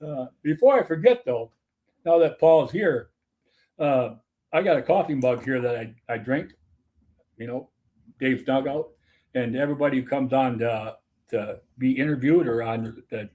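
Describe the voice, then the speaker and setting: A man's voice: mid-range voice, lively intonation, a little slow, long pauses, dark tone. An older man hosting a casual chat, a former umpire telling stories and laughing at his own punchlines. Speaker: host, former softball umpire.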